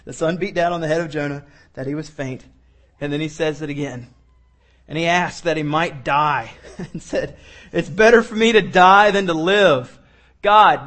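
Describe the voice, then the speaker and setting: A man preaching a sermon, animated, acting out the lines of the people in the story and laughing often. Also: a little high. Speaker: pastor.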